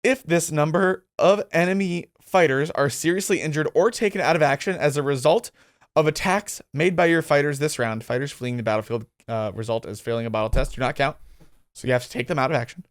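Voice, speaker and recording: Man reading out game rules, slightly high voice. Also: fairly quick. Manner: reads rules aloud, then chats and laughs easily. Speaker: co-host. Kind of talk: casual tabletop gaming discussion.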